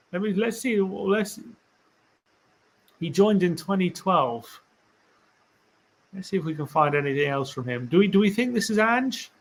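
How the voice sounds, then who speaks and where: A man's voice: high voice, expressive, unhurried, pauses often. A man hosting a casual live stream for a fan channel, reading tweets aloud, musing and rambling with rhetorical questions to viewers.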